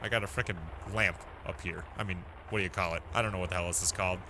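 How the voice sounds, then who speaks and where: A man's voice: deep voice, fairly even intonation, racing, background noise. A man giving casual let's-play commentary, joking crudely and reacting as he plays. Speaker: gameplay commentator.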